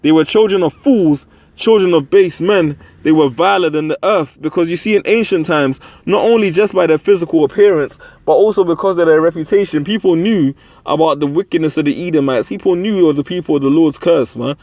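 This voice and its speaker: A man delivers a swearing, ranting religious commentary, keeps dropping "man" into his sentences and laughs mid-sentence. His voice sits fairly high for a man. The sound is dry and close. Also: a little fast, a little mellow, dry recording. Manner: profane, repeats "man" constantly. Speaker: online preacher.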